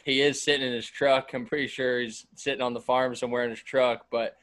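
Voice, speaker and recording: A man hosting a podcast, relaxed and easygoing as he wraps up and thanks his guests. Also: mid-range voice, a little fast. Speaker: podcast host. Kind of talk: casual podcast chat.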